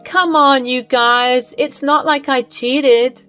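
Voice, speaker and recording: A playful young wife, as a woman reads her part, teasing one moment and pleading in a high, strained voice the next. She sounds like a character in a narrated drama story, with faint music underneath. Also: big pitch swings, measured pace, fairly bright tone. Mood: mock pleading.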